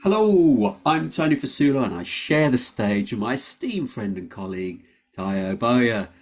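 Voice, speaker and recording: A man co-hosting a casual podcast, chatty and quick to laugh, with a cold cough. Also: medium pitch, animated. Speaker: co-host.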